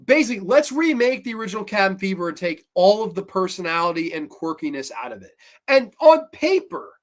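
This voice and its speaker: A man hosting a horror movie review show, ranting in a blunt, profane and exasperated way, with sudden loud bursts of disbelief. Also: sits high, big pitch swings, a little fast. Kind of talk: casual solo review rant.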